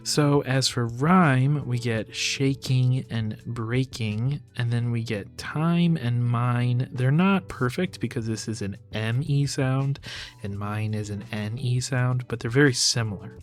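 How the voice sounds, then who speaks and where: A man's voice: mid-range voice, slow pace, faint music behind. A man giving a close-reading commentary on song lyrics, thoughtful and hedging, often saying "sort of" and "you know.". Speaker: host of a lyric analysis channel.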